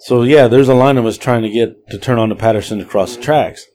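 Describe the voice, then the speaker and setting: Man, podcast host, casual storytelling, rambling, profane, medium pitch. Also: quick pace. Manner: rambling, profane, animated retelling.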